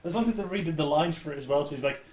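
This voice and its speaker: A man's voice: on the high side, darkish tone. A man co-hosting a casual podcast, enthusiastic and jokey. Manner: enthusiastic, jokey, does quick voice impressions. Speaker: podcast co-host. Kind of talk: casual chat. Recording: echoey room with faint hiss.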